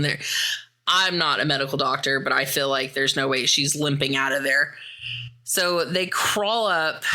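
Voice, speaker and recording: Chatty low-voiced woman recapping a film. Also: pushed and bright. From Midwest United States. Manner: chatty, slangy retelling with quick quoted voices. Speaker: podcast host. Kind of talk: casual movie recap commentary.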